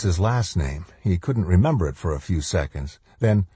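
A man reads a novel aloud in a measured, dramatic way. His voice is very low and dark, with a husky grain. The recording is dry and close, with no room sound. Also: expressive, dry recording. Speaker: audiobook narrator. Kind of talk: scripted narration.

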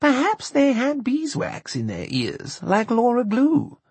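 A man putting on a trembling gentle editor. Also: extremely high pitch, huge pitch swings, a little slow, slightly rough, dry recording, voice pushed up, exaggerated voice. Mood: earnest. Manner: soft, hesitant, trembling. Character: gentle fretful lanky male editor. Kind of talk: audiobook narration.

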